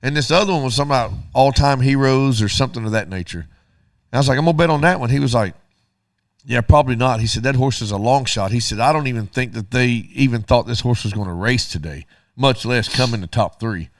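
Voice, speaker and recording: A man's voice: medium pitch, quick pace, dry recording, clean studio sound. A middle-aged man, co-hosting a radio show and telling a story casually while acting out both sides of the dialogue.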